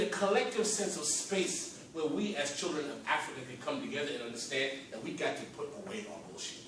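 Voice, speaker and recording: Brisk and animated with few pauses, a man with a fairly high, slightly bright voice delivers an impassioned panel speech at a library conference hall. Fervent, preacher-like rhetorical questions and a rise-and-fall emphasis mark his talk, heard from far off in the echoing hall with a little hiss or hum.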